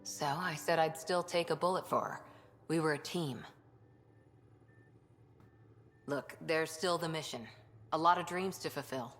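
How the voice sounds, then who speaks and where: An actress voicing a reserved female biotic commando in video game dialogue, speaking calmly and matter-of-factly. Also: sits low, moderate pace. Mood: guarded. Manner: calm, matter-of-fact, guarded. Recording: game audio with long reverb.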